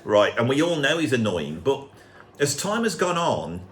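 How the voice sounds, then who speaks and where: An English man hosts a loose, casual chat and rambles from joke to joke. His pitch swings widely as he talks. A faint hiss of noise sits behind him. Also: normal speed. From England. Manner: animated, jokey, rambling. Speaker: host.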